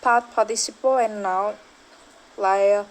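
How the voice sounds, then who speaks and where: A woman's voice: mid-range voice, fairly even intonation, unhurried, low-quality recording. A young woman student reading a class presentation, hesitant, with frequent fillers and self-corrections.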